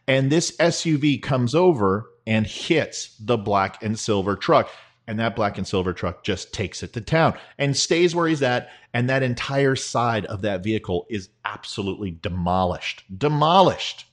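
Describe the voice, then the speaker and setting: A middle-aged man giving sarcastic, rambling commentary over photos, talking to his viewers as folks. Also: mid-range voice.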